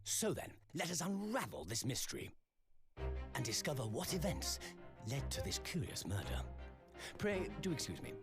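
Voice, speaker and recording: An actor voicing a self-assured male consulting detective with a British accent, in a theatrical, measured game delivery. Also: medium pitch, huge pitch swings. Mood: deducing. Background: game music.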